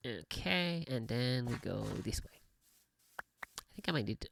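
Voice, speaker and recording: A man with a gravelly, mid-pitched voice gives casual gameplay commentary, rambling and chuckling as he goes, sometimes dropping to a mutter. Steady background noise and clicking sit behind him. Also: unhurried, long pauses. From United States. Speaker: gaming livestream host.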